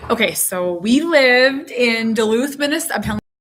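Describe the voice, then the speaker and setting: A woman's voice: on the high side, expressive, moderate pace, a bit bright. A woman in her forties vlogging at home, talking to her young son in a playful, teasing, sing-song way. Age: 40s. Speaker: mother vlogging. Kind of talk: casual home vlog.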